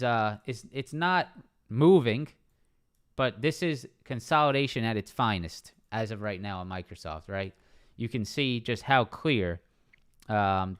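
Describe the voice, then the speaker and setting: Casual male trading streamer, smooth voice. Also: mid-range voice, a bit bright. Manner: casual, repeats levels and asks "right?" often. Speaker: stock trading live streamer. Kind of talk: live market analysis stream. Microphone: streaming microphone.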